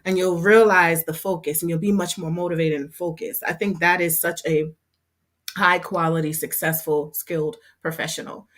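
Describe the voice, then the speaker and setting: A woman hosting a casual livestream, talking in a chatty, heartfelt and expressive way as a hair program instructor. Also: fairly low pitch, moderate pace.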